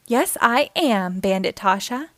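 A woman's voice: medium pitch, expressive, measured pace, dry recording, clean studio sound, close to an everyday voice. A woman voicing a scheming male bandit in a children's storybook.

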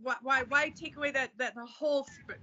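A woman with a fairly high, bright voice, speaking as a podcast guest. She is earnest and restarts her sentences as she works through her thoughts. The sound is dull and lo-fi. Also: steady tone, fairly quick, slight background noise. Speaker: guest, executive producer. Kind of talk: casual conversation. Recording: dull lo-fi recording.

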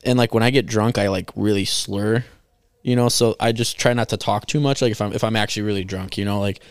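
Young male guest, quick animated storyteller, clear voice, dry close sound. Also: fairly low pitch, no room sound. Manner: animated storyteller, filler-heavy. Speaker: podcast guest. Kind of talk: casual chat.

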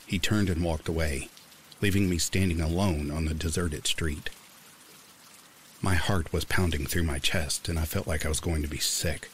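A man narrating creepy true stories in a calm, steady storytelling manner. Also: extremely low pitch, normal speed, a little hiss or hum.

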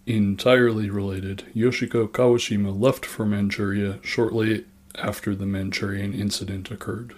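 Flat-voiced wry male history narrator. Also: lowish voice, moderate pace. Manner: dry, wry sarcastic asides.

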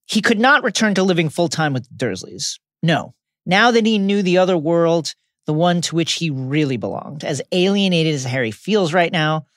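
A man's voice: on the high side, a bit bright, no echo, studio quality. A man co-hosting a podcast, retelling a book's chapters in a dramatic, scripted way and acting out quotes. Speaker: podcast co-host. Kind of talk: podcast book recap, read from a script.

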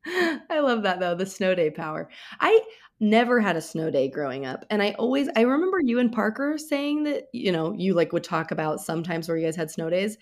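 A woman's voice: mid-range voice, sing-song, normal speed. A woman in her thirties co-hosting a podcast, chatting in a giggly, rambling way. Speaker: podcast co-host. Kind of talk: casual chat.

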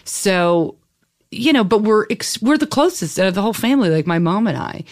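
A woman comedian as a guest, telling animated, rambling stories full of fillers in a casual interview. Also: mid-range voice, fairly quick.

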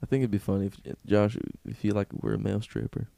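A man's voice: on the low side, very animated, fast, vocal fry, mellow, no room sound. A young man co-hosting a comedy podcast in casual chat, rambling, joking and laughing often. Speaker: podcast co-host.

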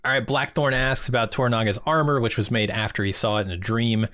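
A man's voice: mid-range voice, steady tone, quick pace, fairly bright tone, no room sound, studio quality. A man co-hosting a podcast, recapping the plot in a laid-back way and laughing often. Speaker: podcast co-host. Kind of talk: casual chat, recapping plot.

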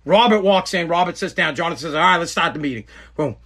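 A man telling a story in a casual, animated rant, acting out quotes and swearing freely. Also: on the high side, quick pace. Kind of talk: casual ranting monologue.

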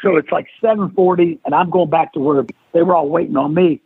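This man's voice is fairly high, slightly fast, and gravelly with some roughness, recorded dry through a tinny, phone-like connection. As an interview podcast guest, he narrates a long story with energy, voicing the quoted lines of its characters.

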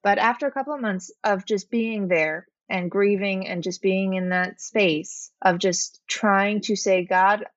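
A woman speaking as a podcast guest in an earnest, reflective way, at a mid pitch. The sound is slightly muffled and lo-fi, with a close, dry quality and no room echo. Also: a little slow, hardly any pauses. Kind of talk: heartfelt interview talk.

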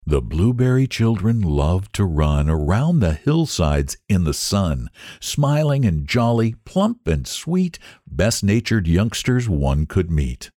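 A man reads children's rhymes aloud in a sing-song storyteller voice. His pitch swoops wide and his pace is slow. The sound is dry and close. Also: big pitch swings, dark tone, no echo.

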